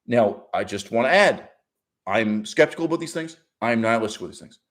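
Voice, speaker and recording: A man's voice: medium pitch, expressive, fairly quick, fairly bright tone. Argumentative man with sudden emphatic jumps. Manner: restarts and fillers, laughs while speaking. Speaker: channel host. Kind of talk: opinionated monologue.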